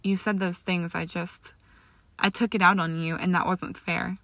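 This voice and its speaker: A woman reading an earnest, remorseful young witch who pleads haltingly, in a storybook reading. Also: lowish voice, flat delivery, gravelly, fairly bright tone, no room sound. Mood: pleading.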